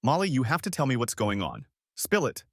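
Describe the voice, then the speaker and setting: A man's voice: mid-range voice, huge pitch swings, brisk, slightly rough, dry recording, studio quality, full character voice. A man voicing a grieving father who has just learned of a betrayal, pained and urgent.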